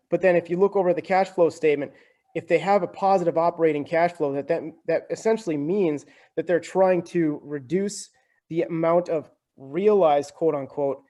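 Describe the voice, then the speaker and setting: A man's voice: on the high side, darkish tone. A young man as a podcast guest, explaining things in a talkative, casual way and often tagging sentences with "right?" and "like". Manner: talkative, keeps adding "right?" and "like".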